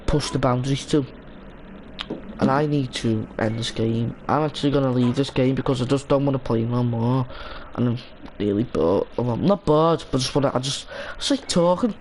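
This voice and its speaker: A man's voice: medium pitch, a little mellow, a little hiss or hum, rough recording. A young man streaming a game, chatting casually and rambling with lots of restarts and fillers. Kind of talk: casual gaming stream chat.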